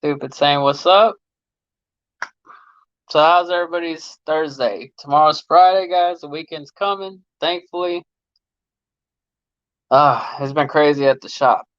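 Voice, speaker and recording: A mechanic in his late thirties hosts a casual livestream on his phone, reading viewer comments and chatting loosely in slang with frequent laughter. His voice is a little high, a bit bright, clear and resonant, at a measured pace with frequent pauses; the recording is dry and the highs are cut off.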